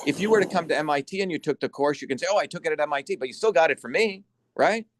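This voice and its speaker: A man hosting an online symposium, lecturing forcefully and bluntly over a video call, swearing for emphasis. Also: a little high, lively intonation, very fast, no echo. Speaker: symposium host and educator.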